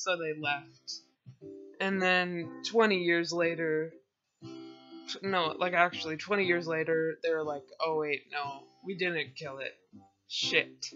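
Rambling male vlogger with a bright, sharp voice and a slow, unhurried delivery, on a dull lo-fi recording. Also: on the high side. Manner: hesitant, rambling, self-deprecating, with many fillers and restarts. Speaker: video creator summarizing a book. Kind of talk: casual rambling summary.

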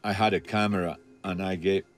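A man's voice: deep voice, brisk. Profane Cuban-accented man telling a story. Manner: profane, animated storyteller acting out quotes. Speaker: interviewee telling his story. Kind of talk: documentary interview storytelling.

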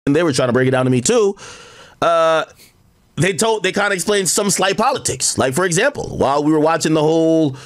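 Fast-talking man, rambling explainer. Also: a little high, expressive, dry recording, studio quality. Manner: rapid, rambling, explaining gossip with quoted asides. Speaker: internet commentator in a played clip. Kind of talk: casual stream talk.

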